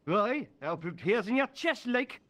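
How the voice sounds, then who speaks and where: An actor playing a drunken male Geordie football fan in a video game, loud, matey and slurring. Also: sits high, expressive, normal speed. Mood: boozy banter.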